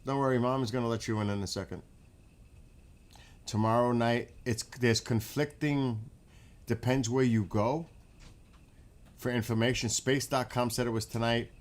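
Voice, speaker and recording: A man with a New York accent hosting a casual late-night livestream outdoors in front of his house, chatting with viewers in a relaxed, rambling way. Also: mid-range voice, normal speed, pauses often. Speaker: livestream host.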